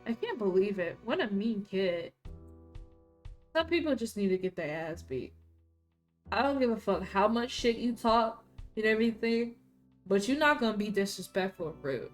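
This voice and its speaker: A woman streamer reads a story game aloud in a mid-range voice. She keeps breaking off into loud, profane, excitable reactions. Faint game music plays softly under her voice. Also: mid-range voice. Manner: loud, profane, excitable outbursts between plain reading. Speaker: gaming streamer.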